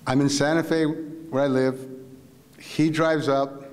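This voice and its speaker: A man, a visiting writer, telling a story to a live audience in a university lecture hall, animated and full of restarts. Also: a little high, slow pace. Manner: vivid, animated retelling with repeated restarts.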